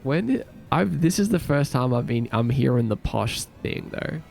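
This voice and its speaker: A man's voice: medium pitch, expressive, normal speed, gravelly, darkish tone, soft background music. A man from Australia with an Australian accent, chatting casually on a livestream, laid-back and laughing often as he repeats words aloud. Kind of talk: casual chat reading viewer comments.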